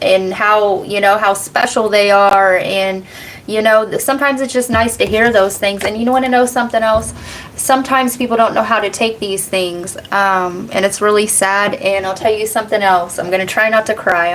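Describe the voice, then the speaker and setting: A woman's voice: medium pitch, a little hiss or hum, rough recording. An American woman hosting a casual card-reading livestream, rambling, laughing often and swearing now and then as she answers chat. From United States. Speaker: tarot reader and livestream host.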